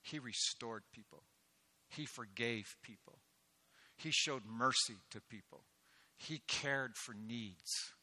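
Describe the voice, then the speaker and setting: A man preaching a sermon, swelling into loud, emphatic delivery with rhetorical questions. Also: medium pitch, slow pace. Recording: echoey hall with long reverb.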